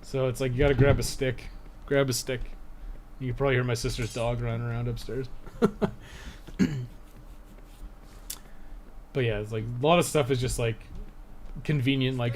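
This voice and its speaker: A man's voice: mid-range voice, fairly even intonation, a little slow, pauses often, a little mellow, a little hiss or hum. A young man giving casual live-stream commentary over his speedrun at home, thinking aloud with lots of fillers. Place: home room.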